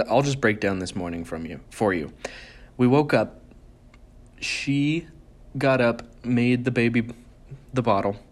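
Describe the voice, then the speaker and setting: Casting note: a man of ordinary pitch giving a relaxed, earnest devotional, slowing down to stress each scripture line. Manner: earnest, reads verses slowly and with emphasis; conversational, chuckles and restarts. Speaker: devotional speaker. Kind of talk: casual Bible devotional talk.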